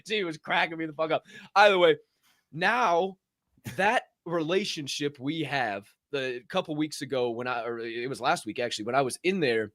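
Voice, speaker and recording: A young man co-hosting a podcast, telling stories loudly and swearing freely in casual chat. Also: a little high, normal speed, no echo, studio quality. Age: young adult. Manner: loud, animated storyteller, swears freely. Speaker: podcast co-host. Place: podcast studio.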